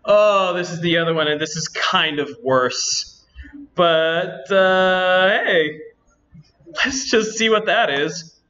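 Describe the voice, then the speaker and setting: A man's voice: sits high, slow pace, pushed and bright, highs cut off. Chatty man hosting a live panel. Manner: rambling, chatty, thinking aloud. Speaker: convention panel host. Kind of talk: live demo to an audience. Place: convention panel room.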